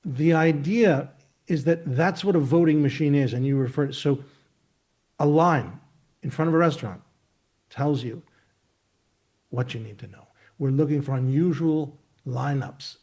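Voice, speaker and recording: Husky emphatic man on a video call. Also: a little high, a little slow, pauses often, a little mellow. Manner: emphatic, rambling, builds vivid analogies, frequent restarts. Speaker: market technician, interview guest. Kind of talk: expansive storytelling explanation.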